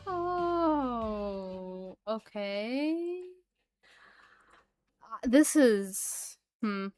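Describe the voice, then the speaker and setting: A woman streamer casually commenting on a game, with dry, deadpan reactions. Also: a little high, extremely slow, faint music behind.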